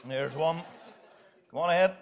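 Upbeat jokey man, high voice. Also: moderate pace, gravelly. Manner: jokey, upbeat, directing volunteers. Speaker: pastor. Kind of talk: children's talk in church.

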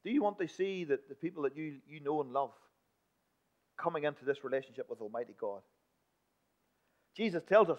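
A man preaching a sermon in a church, emphatic one moment and hushed the next. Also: on the high side, expressive, brisk, pauses often. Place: church building. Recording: dull lo-fi recording.

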